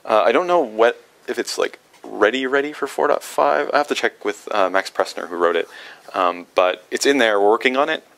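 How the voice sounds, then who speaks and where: A man's voice: mid-range voice, a little fast, vocal fry, fairly bright tone, low-quality recording. A man answering viewer questions on a livestream in a casual, rambling way, with many fillers and restarts.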